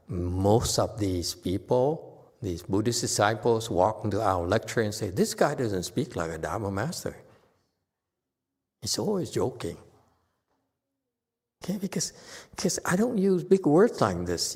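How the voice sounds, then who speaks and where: A man's voice: medium pitch, darkish tone. A man as a Buddhist meditation master, giving a teasing Dharma talk, chuckling often and poking fun at himself. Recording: long hall reverb.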